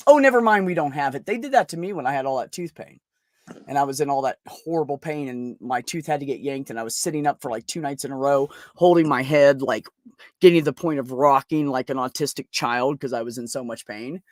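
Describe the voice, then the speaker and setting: A man's voice: medium pitch, fairly quick, dry recording. A middle-aged man hosting a podcast, venting bluntly in casual chat with heavy swearing. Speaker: podcast host.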